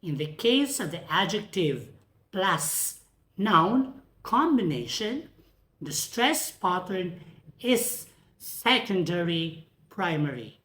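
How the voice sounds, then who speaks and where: A woman teacher talks slowly and deliberately through a pronunciation lecture, repeating each example word aloud. Her voice sits a little low for a woman. It is recorded in an echoey room. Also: big pitch swings, fairly bright tone.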